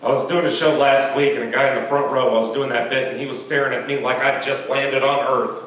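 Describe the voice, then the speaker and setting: A man's voice: mid-range voice, a little fast, slight background noise. A young man doing a stand-up comedy set, telling stories and acting out the people in them. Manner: animated storytelling, acting out quoted people. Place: comedy venue. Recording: roomy echo from a distance.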